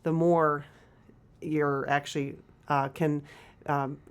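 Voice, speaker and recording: Low-voiced woman, thoughtful and hesitant. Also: little pitch movement, takes it slowly, clean tone. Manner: thoughtful, hesitant, many fillers and restarts. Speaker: co-host and author. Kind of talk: TV talk show conversation. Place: local TV studio.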